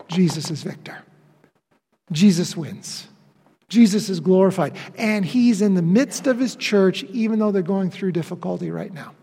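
A man preaching a sermon as pastor in a church sanctuary, emphatic, with dramatic pauses and swings from loud declarations to hushed phrases. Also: high voice, creaky. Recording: long reverb of a church hall.

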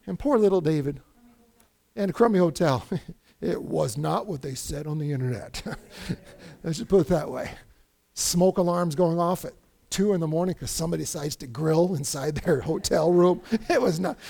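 A man's voice: fairly high pitch, normal speed, gravelly. A middle-aged man preaching a sermon as a pastor, telling stories with energy and acting out the people he quotes. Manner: animated storytelling, acting out quoted voices.

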